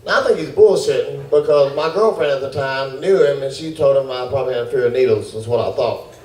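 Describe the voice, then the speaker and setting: A man's voice: mid-range voice, a little mellow. Man, stand-up comic, roomy distant club sound, noisy. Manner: fast storytelling, acting out his own panicked voice. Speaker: stand-up comedian. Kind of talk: stand-up comedy set. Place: comedy club with laughing audience.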